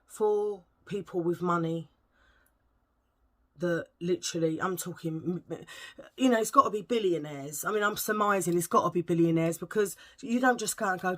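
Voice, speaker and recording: A middle-aged woman vlogger, voice lowish and a bit bright, unhurriedly tells a wandering story while eating. She's chatty and keeps groping for words as she goes.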